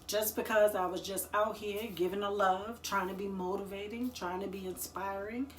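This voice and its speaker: Chatting casually to the camera, a woman hands out business advice in a slangy, expressive style and laughs often. Her pitch is medium and her speed normal, captured in an echoey room.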